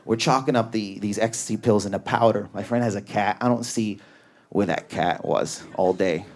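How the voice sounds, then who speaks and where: A male stand-up comedian performing with raging energy on a club stage, often yelling and shooting up in pitch. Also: normal speed.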